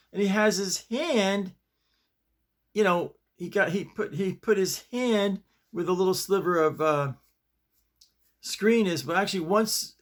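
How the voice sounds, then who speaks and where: A man hosting his own video show, telling a story in a casual, rambling way with many restarts, recorded in his bedroom. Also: sits high. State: shaken up. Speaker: host.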